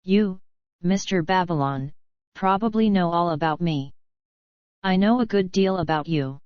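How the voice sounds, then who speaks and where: Woman reading as a brisk American millionaire. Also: on the low side, no echo, highs cut off, close to an everyday voice. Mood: decisive. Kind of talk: audiobook narration.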